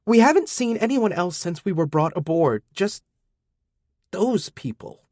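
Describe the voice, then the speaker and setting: A man's voice: high voice, animated, measured pace, darkish tone, no room sound, studio quality, voice pushed up. A man voicing a frightened young woman in an audiobook, speaking frantically and urgently. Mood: frantic.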